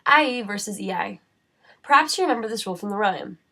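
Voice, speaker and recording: A woman's voice: mid-range voice, lively intonation, creaky, bright, forceful tone. Woman reading a spelling lesson. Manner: measured, reads word lists slowly. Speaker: writing center instructor. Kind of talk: scripted instructional narration.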